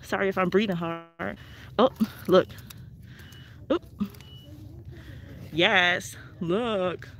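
Her voice is on the low side and a bit bright, and she talks extremely slowly with frequent pauses. A couponing vlogger, she chats to her "y'all" audience in a live shopping stream, walking a discount store with her phone amid faint store noise.

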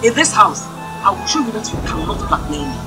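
A woman's voice: mid-range voice, very animated, brisk, far from the mic, over music, lightly acted, poor audio. A woman playing a harsh, scornful mother who berates her daughter in a film drama. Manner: shouting, berating.

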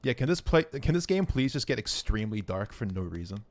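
A man streaming a game live, giving excitable, profane running commentary and talking to his chat. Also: lowish voice, brisk.

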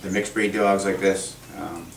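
Lowish-voiced male vet teaching a class. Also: flat delivery, normal speed, gravelly, slight background noise. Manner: patient, encouraging instructions. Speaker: veterinarian teaching children. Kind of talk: classroom demonstration. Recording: echoey classroom, camera from far.

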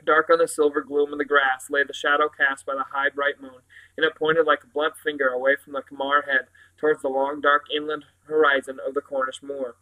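A man reading a children's novel aloud in a steady manner, with occasional slips and restarts. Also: a little high, a little fast, low-quality recording. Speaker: reader.

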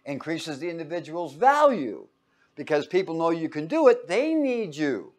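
A man's voice: a little high, normal speed. A man teaching a class in a lecture style, quizzing students with fill-in-the-blank questions and acting out quotes in little voices. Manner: animated, acts out quotes in voices.

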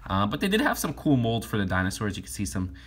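Low-voiced young man rambling casually. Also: sing-song, quick pace, background noise. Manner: rambling, many fillers and restarts. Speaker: toy collector vlogger. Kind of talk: casual catalog review.

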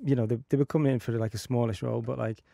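A man hosts a relaxed interview podcast. He talks casually and fills his sentences with "you know" and "like." His voice has a gravelly edge at a middle pitch, recorded close and dry. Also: racing, dry recording. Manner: chatty, many fillers like "you know". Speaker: podcast host.

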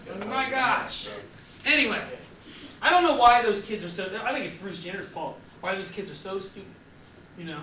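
High, bright-voiced man lecturing in an echoey classroom. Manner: joking, sarcastic asides while reading aloud. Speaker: college lecturer. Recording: echoey classroom, distant mic, faint hiss.

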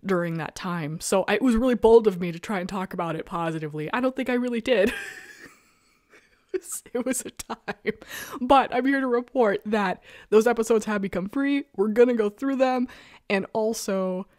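A woman hosting a casual talk show, chatting about comics in an animated, self-mocking way and laughing often. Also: mid-range voice, normal speed, dry recording, clean studio sound. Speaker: podcast host reviewing webcomics. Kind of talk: casual chat. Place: rural home.

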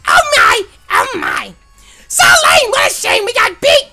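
Squeaky overdramatic game folks, shrieky and weepy, bright sharp tone, pitch flying all over. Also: male voice, wildly swooping pitch, measured pace, soft background music, exaggerated voice. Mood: shrill. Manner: shrieking, melodramatic, sobbing. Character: overwrought, squealing video game characters, shrill and dramatic.

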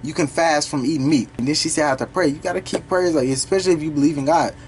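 A young man hosting a reaction video, talking casually and profanely as he pauses a song to break down its lyrics. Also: fairly high pitch, slight background noise. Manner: animated, profane, slangy, stops the song to explain lyrics.

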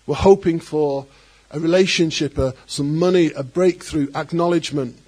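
A man preaches with a fairly high, husky voice. He is animated and breaks into quoted voices as he speaks. His delivery is laced with joking asides. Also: normal speed. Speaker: pastor. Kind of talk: sermon.

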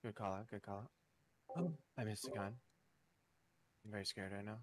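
A man's voice: fairly low pitch, steady tone, moderate pace. A man chatting casually while playing a team shooter, making call-outs. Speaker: teammate. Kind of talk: casual gaming chat.

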